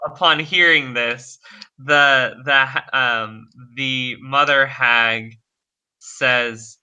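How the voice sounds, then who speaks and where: A man narrates a tabletop game as its game master. He talks very slowly and haltingly, filling pauses with ums. His voice is very bright. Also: mid-range voice, steady tone, clean tone, rough recording. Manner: halting, with many ums and uhs.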